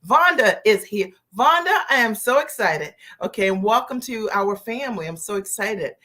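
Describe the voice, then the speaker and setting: An enthusiastic woman coaching on a live stream, with a mid-range voice. She welcomes viewers by name and repeats her main points slowly so they land. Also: mid-range voice, fairly bright tone. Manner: repeats key phrases slowly for emphasis.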